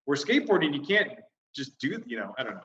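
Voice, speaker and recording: A man's voice: mid-range voice, very animated, fast, a bit bright, a little hiss or hum. A man co-hosting a comedy podcast, ranting and swearing in casual chat. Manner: swears a lot, ranting and exasperated. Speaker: podcast co-host. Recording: roomy, slightly dull sound.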